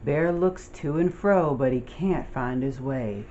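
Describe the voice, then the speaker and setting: Storybook read-aloud, slow deliberate delivery, mid-pitched voice, muffled lo-fi sound. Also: mellow, a little hiss or hum. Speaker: storybook reader. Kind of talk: reading a picture book aloud.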